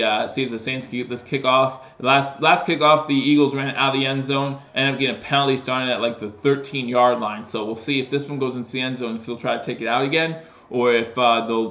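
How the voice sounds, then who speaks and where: Bright-voiced man calling football plays. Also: mid-range voice, brisk, roomy sound. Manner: casual, with fillers and restarts, rising excitement on plays. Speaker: host doing live play-by-play. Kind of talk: live stream play-by-play commentary.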